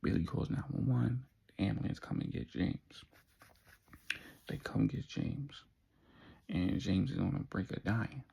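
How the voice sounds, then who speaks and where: A man's voice: on the low side, measured pace, creaky, pauses often, mellow, husky. A man telling a story in a casual, slangy, laid-back way, adding his own sound effects.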